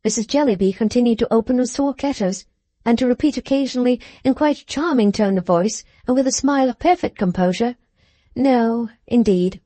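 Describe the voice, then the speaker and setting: A woman narrating a classic novel as an audiobook in a measured, even manner. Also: on the high side, no room sound. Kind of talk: scripted narration.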